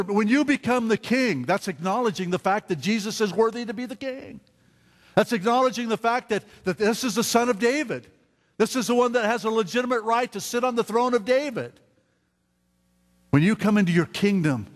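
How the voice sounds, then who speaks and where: A man preaching a sermon in a church, earnest and prone to stammered restarts. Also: high-pitched. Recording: reverberant hall.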